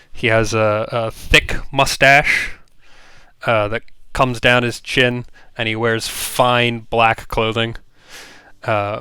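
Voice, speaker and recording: A man narrating a tabletop role-playing game as game master, describing scenes with many pauses. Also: medium pitch, bright, forceful tone, clear, resonant tone, no room sound. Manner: descriptive, with frequent filler pauses.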